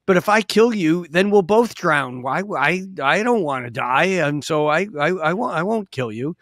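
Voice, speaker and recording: A man's voice: a little high, expressive, moderate pace, fairly bright tone, dry recording, clean studio sound. A man doing a sly, coaxing fable scorpion.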